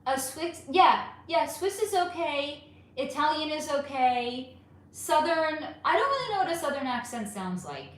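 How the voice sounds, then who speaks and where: A woman's voice: high-pitched, very animated, a little slow. A woman hosting a casual live stream, reading chat questions aloud and answering them frankly, with some swearing. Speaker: livestream host reading chat. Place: home room. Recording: roomy echo with faint ambient noise.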